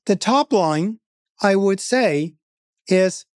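A man's voice: fairly high pitch, slow, a little mellow, no room sound, studio quality. A man speaking as a grief expert in an interview, telling stories in an earnest, emphatic way. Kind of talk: interview conversation.

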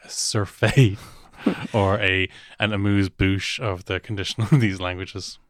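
Very deep-voiced hesitant man. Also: steady tone, a little slow. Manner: hesitant, restarts often. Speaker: podcast host, teacher. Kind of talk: casual teaching chat.

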